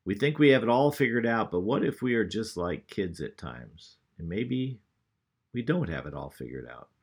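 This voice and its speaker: Husky, low-voiced man preaching a sermon. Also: sing-song, normal speed. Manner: reads scripture aloud, asks the congregation questions.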